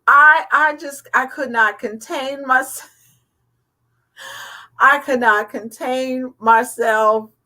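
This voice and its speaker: A woman co-hosting a radio talk show, measured and hesitant, with frequent fillers. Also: high voice, fairly even intonation, bright, forceful tone. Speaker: co-host. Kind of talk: casual chat.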